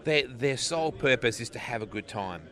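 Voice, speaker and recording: Easygoing Australian man, bright voice. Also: medium pitch, lively intonation, moderate pace. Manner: laughs often, easygoing and jokey. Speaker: race announcer, interview guest. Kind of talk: casual interview chat.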